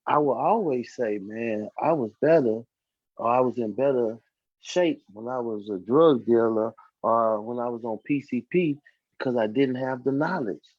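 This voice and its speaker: A man's voice: mid-range voice, darkish tone, no echo. A man telling his life story on a podcast, acting out the voices of the people in it. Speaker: podcast guest. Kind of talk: casual storytelling testimony. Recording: dull lo-fi dry sound.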